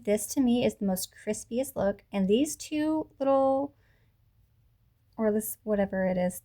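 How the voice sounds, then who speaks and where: A woman with a mellow, warm voice gives a beginner crochet lesson, speaking to a camera as she works. She talks patiently through each stitch, repeats steps slowly and corrects herself as she goes. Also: mid-range voice. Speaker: crochet teacher. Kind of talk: tutorial instruction. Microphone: camera mic.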